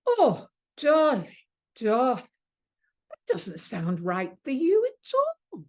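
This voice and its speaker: A woman's voice: high-pitched, huge pitch swings, slow, voice pushed up, full character voice. A woman voicing her eccentric, bohemian older aunt, an ex-actress who gushes and calls everyone darling. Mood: affectionate.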